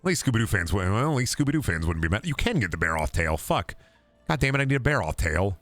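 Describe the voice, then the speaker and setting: A man streaming a video game, chatting casually and profanely with his viewers in an animated way. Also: fairly low pitch, fast talker, no room sound, soft background music. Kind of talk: casual gaming stream commentary.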